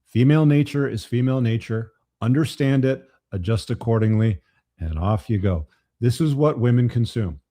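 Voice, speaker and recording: A man's voice: mid-range voice, moderate pace, dark tone. A man hosting a live commentary show, talking bluntly with frequent profanity. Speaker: host.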